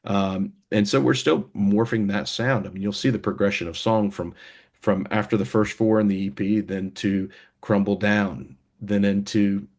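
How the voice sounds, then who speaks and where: Low-voiced man, rambling casual talk. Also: steady tone, moderate pace, darkish tone. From United States. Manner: rambling, many fillers and restarts. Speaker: band member, guest. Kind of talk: casual interview conversation.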